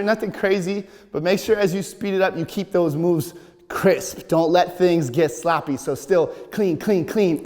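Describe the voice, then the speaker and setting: A young man teaching a dance routine, counting beats out loud while he dances and getting out of breath. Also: a little high, in a large hall. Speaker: dance instructor. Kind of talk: dance tutorial, counting out moves. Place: large echoey dance studio.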